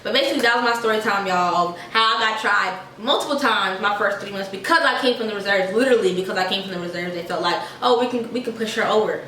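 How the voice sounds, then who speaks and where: A young woman vlogger telling a casual storytime to her viewers in a sassy, animated way. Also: medium pitch, fast talker, few pauses, echoey room, far from the mic, rough recording.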